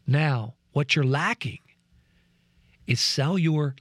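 A man's voice: mid-range voice, normal speed, dry recording, clean studio sound. A man sharing a reflection as a program co-host, telling a personal story in an earnest, preacherly way and acting out the voices of the people in it. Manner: lively storyteller who acts out quoted voices.

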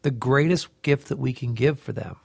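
A man's voice: mid-range voice, normal speed, vocal fry, darkish tone, no room sound, clean studio sound. A middle-aged man sharing an earnest, heartfelt devotional reflection and often restarting his phrases. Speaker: co-host of a faith reflection show.

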